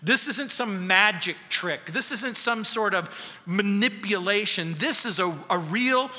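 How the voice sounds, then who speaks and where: A male pastor preaches in a bright, tense, fairly high voice, telling a story earnestly and dropping to near-quiet for emphasis. His words ring out with the long reverb of a church sanctuary. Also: lively intonation, unhurried. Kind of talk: expository sermon.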